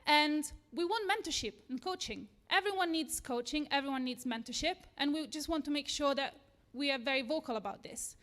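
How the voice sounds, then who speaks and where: High-voiced Italian woman giving a talk. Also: a little fast, hardly any pauses, a bit bright. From Italy. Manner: earnest, nervous, self-deprecating. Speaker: tech talk speaker. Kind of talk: conference lightning talk. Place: event room with a live audience.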